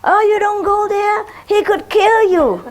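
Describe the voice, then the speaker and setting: A woman voicing a fussy neighbor lady who coaxes her small dogs in a high, sing-song way. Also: a little slow, a crowd in the background. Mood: coaxing.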